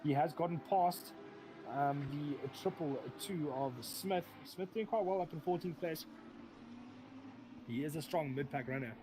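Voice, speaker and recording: A man's voice: on the high side, unhurried, background noise. A man giving live sim racing commentary, rambling, often correcting himself and joking as he goes.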